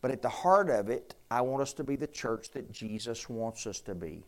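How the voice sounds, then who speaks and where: A man's voice: medium pitch, animated, moderate pace. A man preaching to his congregation in an earnest, folksy way, often restarting his sentences and asking the room questions. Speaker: pastor. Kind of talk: conversational sermon with questions to congregation.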